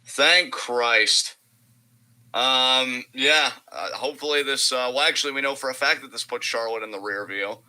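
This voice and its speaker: A man's voice: medium pitch, moderate pace, pushed and bright, clean tone, rough recording. A young man co-hosting a casual wrestling chat, talking hesitantly with lots of fillers and some swearing. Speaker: co-host.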